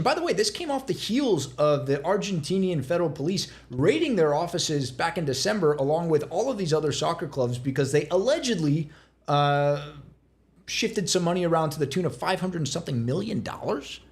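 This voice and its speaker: A man co-hosting a podcast in casual chat, telling a story emphatically with lively stress. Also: a little high, brisk. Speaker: podcast co-host.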